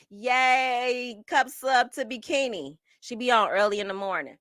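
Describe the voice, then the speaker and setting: A woman speaking hosts a casual livestream, reading out chat messages and reacting in a lively, slangy way. Her voice is bright and forward, and the recording is dry and close to the mic with no room sound. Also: a little high, takes it slowly, no echo. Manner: animated and chatty, slangy.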